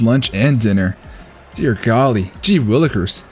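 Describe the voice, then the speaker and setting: A man's voice: medium pitch, fairly quick, faint music behind. A man casually commentating his own competitive match, thinking aloud and cheering his plays. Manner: excitable, thinks aloud, talks to the opponent.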